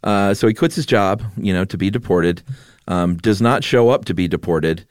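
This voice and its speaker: A man co-hosting a podcast, laying out events in a relaxed storytelling way with filler pauses. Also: deep voice, no room sound, clean studio sound. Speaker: podcast co-host. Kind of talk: casual conversational storytelling.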